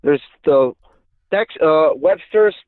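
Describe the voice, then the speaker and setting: Bro-talking guy calling in over a tinny phone line, kinda high voice. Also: expressive, slow, a crowd in the background. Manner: casual, says bro a lot, laughs things off. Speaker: caller. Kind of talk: call-in debate.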